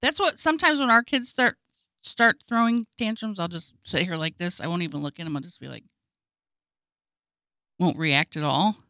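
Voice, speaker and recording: A woman in casual chat who gives calm, matter-of-fact advice. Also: on the low side, normal speed, long pauses, no echo, studio quality. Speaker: podcast co-host.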